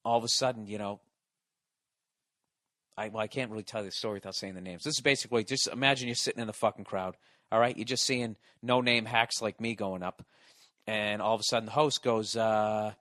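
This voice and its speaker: A man in his forties, a podcast host and stand-up comedian, telling a long story in a profane, excitable, rambling way with lots of restarts. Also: lowish voice, a little fast, no echo, studio quality. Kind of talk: casual storytelling monologue.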